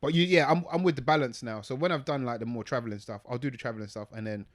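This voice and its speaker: A man's voice: mid-range voice, rapid-fire. A man co-hosting a podcast, easygoing, often restarting his sentences. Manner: easygoing, hesitant restarts, laughs along. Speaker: podcast co-host. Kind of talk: casual chat.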